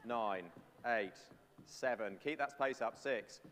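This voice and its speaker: A man's voice: medium pitch, slow pace, fairly bright tone, slight background noise. A man leading a playful, chatty sermon and talking with the congregation. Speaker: preacher. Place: church. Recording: long church reverb.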